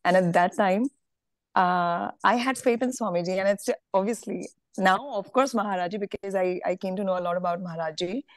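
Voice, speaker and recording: A woman's voice: medium pitch, fairly quick, no room sound. A woman with an Indian English accent on a video call, earnestly sharing a personal devotional experience with many fillers and restarts.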